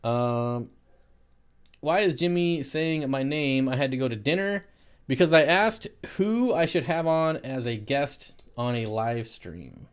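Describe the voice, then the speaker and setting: Live stream host, male, middle pitch; easygoing chatter, reads and answers comments, quick laughs. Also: animated, smooth. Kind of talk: casual live stream chat.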